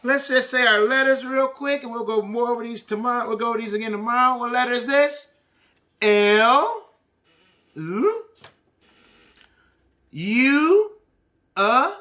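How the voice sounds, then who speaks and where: A man teaching a preschool lesson, prompting the children in an animated, sing-song call and response. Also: very high-pitched, a little slow, long pauses.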